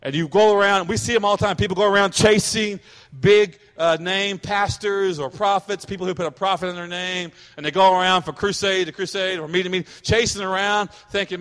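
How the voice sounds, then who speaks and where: A middle-aged man delivers a sermon from the pulpit, his voice sitting high for a man. He preaches with animation, slipping into the voices of the people he talks about. The sound rings with the long reverb of a church hall. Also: fairly even intonation, a little fast, a bit bright. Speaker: pastor.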